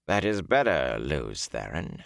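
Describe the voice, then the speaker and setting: A man voicing a menacing, scornful male dark lord in a slow, commanding storybook reading. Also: very deep voice, big pitch swings, creaky, no echo, clean studio sound, exaggerated voice.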